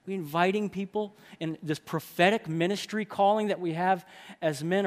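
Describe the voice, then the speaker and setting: A man preaching a sermon to a group of men, emphatic and full of rhetorical questions. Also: a little high.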